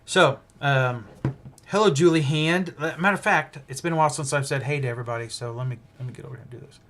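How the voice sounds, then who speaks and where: Male host, slightly high pitch, rambling unscripted livestream preacher, thinks out loud. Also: fast talker. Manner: rambling, thinking aloud, frequent restarts and fillers. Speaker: preacher hosting a livestream Bible study. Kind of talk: casual livestream Bible teaching.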